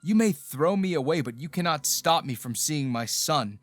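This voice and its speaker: A man's voice: a little high, lively intonation, moderate pace, no room sound. A man doing a bitter, raging ex-husband. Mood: bitter, accusing. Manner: bitter, accusing, raised voice. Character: angry abusive ex-husband, a big man.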